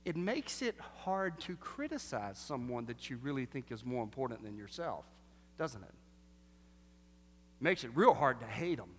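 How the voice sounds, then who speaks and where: A man preaching a sermon, animated and full of rhetorical questions, swinging between loud bursts and hushed lines. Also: mid-range voice, a little slow, a little hiss or hum. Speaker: pastor. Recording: long reverb of a large hall.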